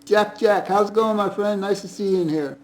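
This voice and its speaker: High-voiced man hosting a chatty livestream. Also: fairly quick, slight background noise, poor audio. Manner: greets viewers one by one, friendly and chatty with frequent chuckles. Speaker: livestream host. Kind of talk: casual live-stream chat. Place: at home.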